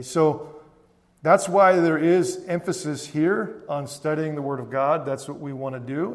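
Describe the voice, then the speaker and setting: A man preaching a sermon as pastor, often calling out "Amen?" to the congregation. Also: medium pitch. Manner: preaching with frequent "Amen?" call-outs to the congregation. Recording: long hall reverb.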